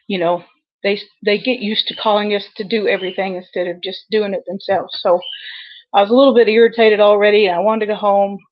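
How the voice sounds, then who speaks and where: A woman dispatcher telling a personal story over a video call, earnest and halting with many pauses. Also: medium pitch, muffled recording. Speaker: 911 dispatcher guest.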